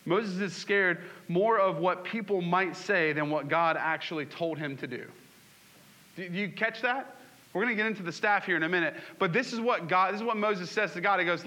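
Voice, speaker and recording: A man's voice: high-pitched, moderate pace, bright, forceful tone. A man preaching a sermon, asking the congregation questions and acting out scripture scenes. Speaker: pastor.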